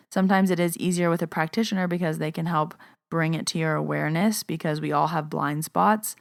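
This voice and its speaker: A woman's voice: sits low, smooth, dry recording, clean studio sound. A woman podcast host and Reiki master, casually answering listener questions in a chatty monologue. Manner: casual, chatty, uses "like" often.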